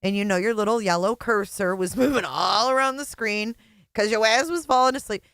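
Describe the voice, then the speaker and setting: A woman's voice: mid-range voice, fairly quick, fairly bright tone, no echo, studio quality. A woman hosting a livestream, chatting casually, sarcastic and mocking, often laughing. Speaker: livestream host.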